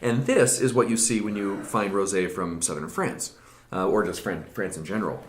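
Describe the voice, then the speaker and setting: A man co-hosting a casual wine tasting show, talking with enthusiasm and animated energy. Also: fairly low pitch, moderate pace, a little hiss or hum. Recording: echoey room.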